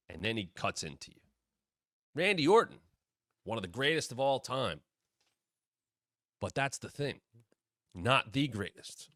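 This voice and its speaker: A man's voice: medium pitch, sing-song, moderate pace, long pauses, fairly bright tone, no echo, studio quality. A man hosting a wrestling podcast, talking in a blunt, opinionated way with casual swearing. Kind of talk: opinionated commentary.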